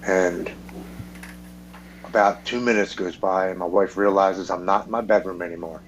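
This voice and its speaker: A man with a fairly low voice tells his personal story frankly on a podcast. He swears freely and acts out what the other people in his story said. A faint hum sits under the recording. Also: fairly even intonation, normal speed, muffled recording. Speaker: podcast guest.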